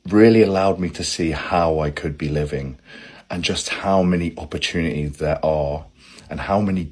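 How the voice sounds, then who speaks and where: A man from the UK speaking earnestly to camera in a casual vlog monologue, deliberate and emphatic. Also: very deep voice, slightly rough. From United Kingdom.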